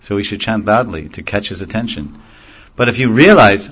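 A man teaching a devotional sermon in a gentle storytelling manner, chuckling now and then at his own jokes. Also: on the low side, animated, moderate pace, husky. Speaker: spiritual teacher. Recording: dull lo-fi recording.

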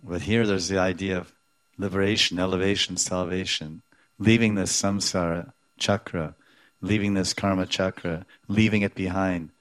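Low-voiced man giving a devotional talk. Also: fairly even intonation, moderate pace, no room sound. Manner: storytelling, acts out quotes, chuckles often; sprinkles Sanskrit and Hindi terms. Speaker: religious teacher. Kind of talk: devotional lecture.

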